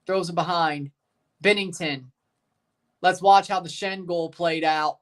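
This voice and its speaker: A woman hosting a live hockey watchalong, giving relaxed play-by-play, answering chat questions and erupting into shouts on goals. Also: fairly low pitch, a little slow. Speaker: livestream host.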